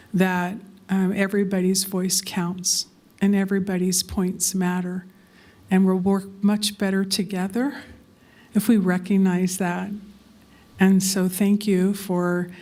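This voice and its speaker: Woman, commissioner, earnest, halting, slow, flat delivery, public meeting. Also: medium pitch. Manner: earnest, halting, many fillers. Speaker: county commissioner. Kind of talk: formal remarks at a public meeting. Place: county board meeting chamber.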